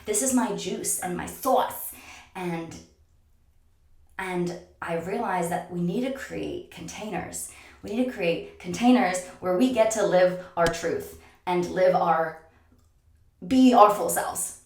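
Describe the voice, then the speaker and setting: A young woman hosting her own podcast in a casual, expressive monologue, swearing freely and laughing often. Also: on the low side, slow pace. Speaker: podcast host. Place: bathroom, in a bathtub. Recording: echoey bathroom.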